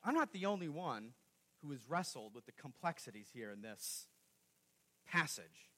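A man preaching a sermon as pastor, earnest and explanatory, swinging between loud emphasis and quiet asides. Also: medium pitch, very animated, moderate pace.

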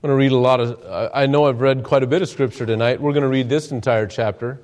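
A man's voice: medium pitch, fairly even intonation, fast, a little mellow. A male preacher giving an evening sermon in a church, reading scripture aloud and explaining it earnestly. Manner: earnest, reads King James scripture then explains it.

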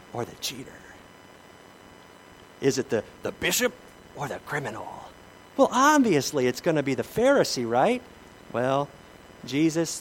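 A man's voice: fairly high pitch, a little hiss or hum, low-quality recording. A middle-aged man preaching a sermon as pastor, telling the story with humor and acting out the people in it. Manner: animated storytelling with acted-out voices and humor.

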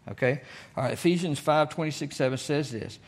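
A pastor delivering a teaching sermon, his voice sitting a touch higher than most men's. He talks to the congregation directly, checking in with them and throwing out questions as he goes. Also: fairly quick. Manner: conversational, asks the congregation questions.

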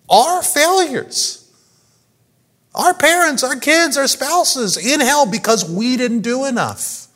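A man preaching a sermon in a high, lively voice that swoops up and down. He speaks at an unhurried pace, throws rhetorical questions at the congregation and breaks into laughter often. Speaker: pastor.

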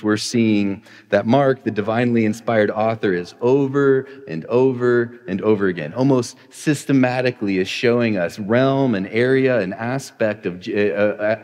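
A man's voice: on the low side, darkish tone. A man in his thirties, a pastor, preaching in a chatty, joking style that builds to emphatic points. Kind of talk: conversational sermon. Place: church sanctuary. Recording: long hall reverb.

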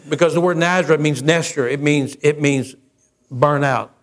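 A man preaching a sermon, acting out the dialogue of the story with swings in his voice. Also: normal speed. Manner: storytelling preacher who acts out the dialogue with a lot of pitch swings. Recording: faint music behind.

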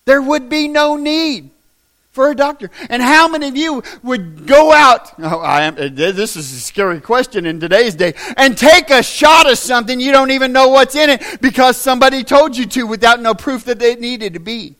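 A man with a Southern American accent preaching a sermon as pastor, plain-spoken and folksy, swinging from shouting to hushed asides. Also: very high-pitched, animated, moderate pace, few pauses.

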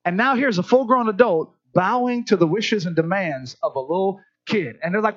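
High-voiced pastor preaching. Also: male voice, moderate pace, few pauses, dull audio. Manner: animated storytelling, acts out voices. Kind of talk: sermon.

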